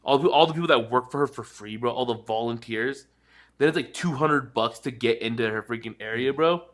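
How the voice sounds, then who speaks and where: A man's voice: mid-range voice, a little fast. A man co-hosting a podcast, chatting casually and animatedly, acting out movie lines. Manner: animated, acts out movie quotes. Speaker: podcast co-host. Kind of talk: casual chat.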